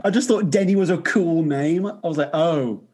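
A man's voice: on the high side, normal speed, darkish tone, husky. A man hosting a podcast, chatting casually, joking and teasing, with frequent laughter. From Birmingham, England. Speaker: podcast host.

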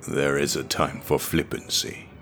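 Guy doing a growly wolf in armor, super deep, slow and serious. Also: flat delivery, a bit bright, faint music behind, exaggerated voice. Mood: stern. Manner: slow, grave, lecturing delivery.

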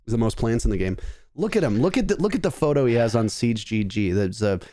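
A man in a mid register chats loosely about a competitive league, swearing freely and slipping into quick impressions of players. The sound is dry and close, with no room around it. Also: medium pitch, dry recording. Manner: animated, profane, acts out players' voices. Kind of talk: casual esports chat.

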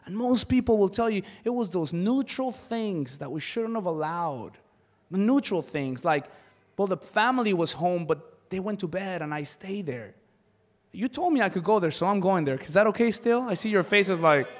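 A man preaching a sermon as pastor, animated, acting out quoted voices in his stories. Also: sits high. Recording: long hall reverb.

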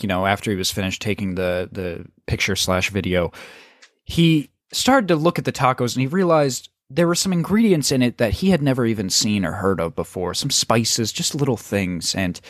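A man's voice: medium pitch, dry recording, clean studio sound. A man hosting a casual chat and improvising a rambling, dramatic story. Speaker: podcast host.

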